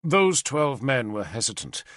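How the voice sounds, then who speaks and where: A man narrating an audiobook in the first person with a measured storytelling cadence. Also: medium pitch, big pitch swings, a bit bright, no room sound, clean studio sound.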